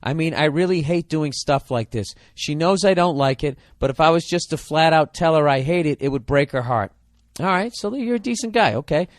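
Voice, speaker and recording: A man's voice: fairly high pitch, expressive, brisk, no room sound, studio quality. A man hosting a comedic podcast, giving advice in an exasperated, profane rant.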